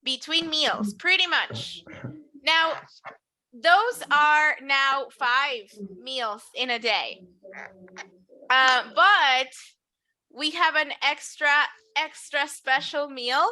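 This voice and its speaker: A woman's voice: high-pitched, very slow, pushed and bright, no echo. A woman teaching an English class, explaining patiently and switching to Spanish to clarify. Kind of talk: online English lesson.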